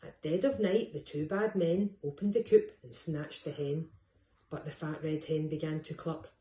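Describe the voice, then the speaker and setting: A woman, a teacher, reading a rhyming picture book aloud in a lively, sing-song way. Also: sits low, normal speed. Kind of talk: storybook read-aloud. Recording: echoey room.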